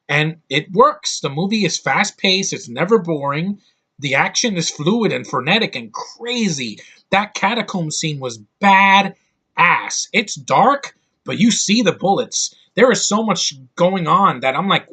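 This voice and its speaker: Fired-up american guy ranting about a movie, husky but bright, kinda high voice, keeps tripping over his words. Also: lively intonation, moderate pace. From United States. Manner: blunt, heated, rambling with restarts. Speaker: YouTube movie reviewer. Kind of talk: ranting casual review.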